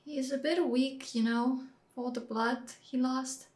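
A woman's voice: high voice, fairly even intonation, a little slow, loud music behind the voice. A woman hosting a reaction video, talking through a show with emotional exclamations and gushing. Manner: emotional, exclaims and gushes loudly. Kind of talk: excited reaction commentary. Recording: echoey room with show audio behind.

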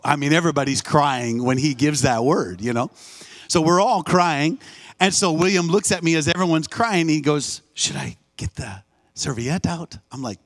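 A man preaching in a church, telling a story and acting out the people in it. His voice sits a little high, and he calls for amens along the way. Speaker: guest preacher. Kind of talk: storytelling sermon. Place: church sanctuary, live service.

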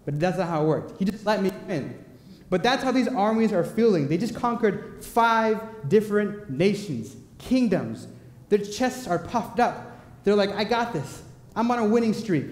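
A young man with a slightly high voice delivers a sermon in a church sanctuary. He tells stories in a playful, animated way with quick asides to the congregation. The big room carries a long, echoing reverb. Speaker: preacher. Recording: echoey church hall.

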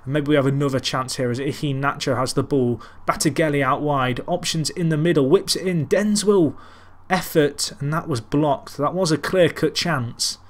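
A gaming commentator with a voice on the high side talks at a moderate pace with hardly any pauses, casually narrating his football management game in Let's Play style. He rambles and puts himself down while calling the match like a commentator.

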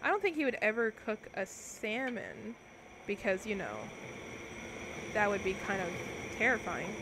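A woman's voice: medium pitch, animated, normal speed, noisy background. A young woman casually commentating on a cooking game she is streaming, talking playfully to her viewers as she plays.

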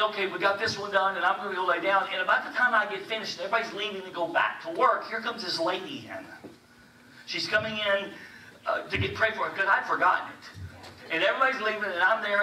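Bright-voiced preacher in an echoey hall. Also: male voice, sits high. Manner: animated storytelling. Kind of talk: sermon. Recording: echoey hall, distant mic, faint hiss.

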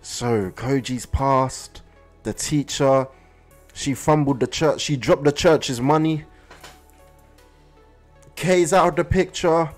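A man hosting an anime reaction video, talking in an excitable, slangy way straight to his viewers. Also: on the high side, slow pace, pauses often, soft background music. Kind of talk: casual reaction commentary.

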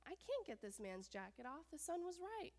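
A woman's voice: high-pitched, very animated, normal speed, a little mellow, big-room sound, pitched above the performer's own voice. A woman voicing a grumpy, show-off male wind in a children's story, brash and taunting. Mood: grudging.

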